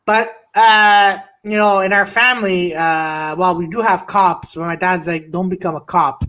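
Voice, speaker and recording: A man's voice: high-pitched, steady tone, measured pace, sharp tone. A young man co-hosting a comedy podcast, telling a long funny story in a rambling way, with lots of restarts and repeated "and then". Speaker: podcast co-host.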